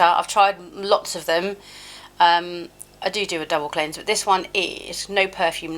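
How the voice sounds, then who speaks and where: A woman in her fifties talks through her skincare routine at home in a lowish, bright voice. She is chatty and self-deprecating, often laughing at her own mishaps. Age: 50s. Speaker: beauty vlogger. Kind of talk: casual skincare tutorial chat. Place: home, at a sink. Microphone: camera close up.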